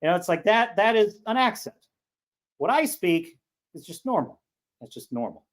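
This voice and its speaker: A man's voice: high-pitched, very animated, normal speed. A man from California with a Californian accent, hosting a casual livestream and joking his way through rambling commentary. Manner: rambling, joking, reads chat aloud. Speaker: livestream show host.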